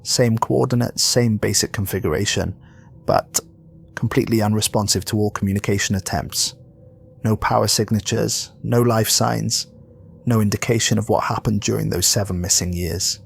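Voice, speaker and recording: A man's voice: lowish voice, steady tone, moderate pace, gravelly, a little hiss or hum. A man voicing a guarded male fleet commander who briefs his squad in a clipped, authoritative way. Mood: stern.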